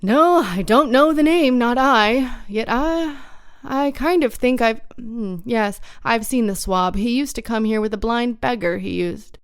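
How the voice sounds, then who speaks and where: A woman voicing a crafty, hearty one-legged pirate landlord who talks loud and blusters, in a storybook reading. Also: fairly high pitch, measured pace, clear, resonant tone, dry recording, clean studio sound. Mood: excited.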